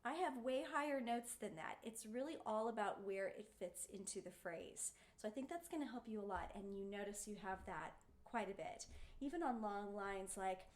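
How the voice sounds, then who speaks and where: A woman's voice: medium pitch, normal speed. A woman giving a singing lesson, encouraging her students and showing them the sounds with sung vowels. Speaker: voice teacher.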